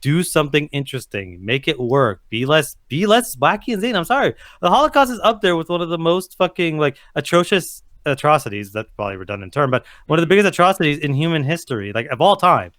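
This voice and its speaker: A man talks quickly, his voice rising and falling all over, in a rambling, emphatic style packed with fillers. The sound is dry and close, with no room to it. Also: a little high, big pitch swings, a bit bright, no echo. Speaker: co-host, TV reviewer. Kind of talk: casual podcast chat.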